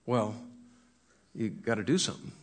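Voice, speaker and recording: A man's voice: fairly low pitch, expressive, normal speed. A middle-aged man, a horse trainer and cowboy preacher, telling folksy stories about horses and acting out what they think. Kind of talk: folksy storytelling with a sermon message.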